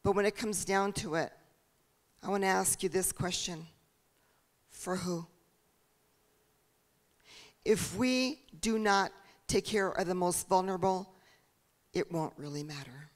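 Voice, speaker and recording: A woman's voice: lowish voice, measured pace, pauses often. A woman giving an earnest, preacherly campaign speech at a town hall, asking the crowd rhetorical questions. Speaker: political candidate.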